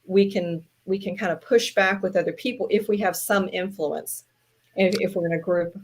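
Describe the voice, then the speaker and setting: A woman with a Southern US accent, chatting as a podcast guest and telling stories in a playful, animated way. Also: on the low side, moderate pace. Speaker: podcast guest, trainer and speaker. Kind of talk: casual panel chat.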